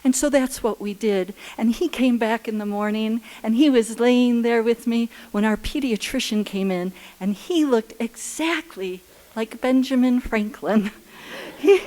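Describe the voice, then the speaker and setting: A woman telling a personal story live on stage at a story slam, earnest and unhurried, with halting restarts. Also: fairly high pitch, darkish tone.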